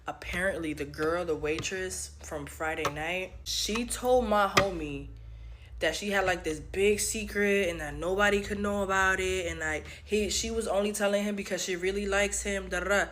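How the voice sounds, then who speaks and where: A young woman telling a wild story to viewers in a casual, animated, profane way, into a phone. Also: mid-range voice, normal speed, background noise.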